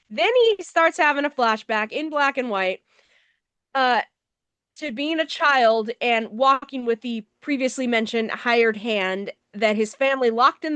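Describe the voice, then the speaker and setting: A woman's voice: a little high, a bit bright, clean tone, dry recording. A woman co-hosting a movie review show, recapping the plot in a casual, wry, sarcastic way. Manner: sarcastic, wry, swears offhandedly.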